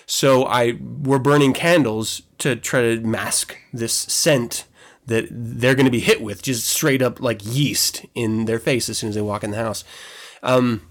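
A man hosting a podcast, telling a story in a casual, animated way, swearing and laughing as he goes. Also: mid-range voice. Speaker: podcast host.

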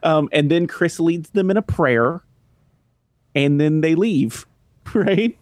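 A man's voice: a little high, animated, takes it slowly, no room sound, clean studio sound. A man co-hosting a film review podcast, recapping scenes casually and laughing as he talks. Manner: chatty, laughs mid-sentence while recapping. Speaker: podcast co-host.

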